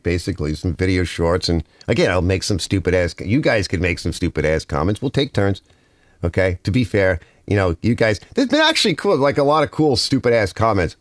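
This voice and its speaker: A man's voice: lowish voice, no room sound, studio quality. A man with a Northern US accent hosting a casual garage livestream, rambling and reading viewer comments aloud.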